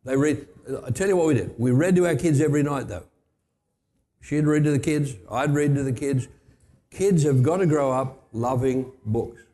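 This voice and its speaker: A middle-aged Australian man preaching a sermon, telling blunt, emphatic stories and jumping up in pitch to stress a point. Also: moderate pace, mellow. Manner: blunt, emphatic storytelling with sudden rises for stress. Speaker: pastor. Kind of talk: sermon with personal anecdotes.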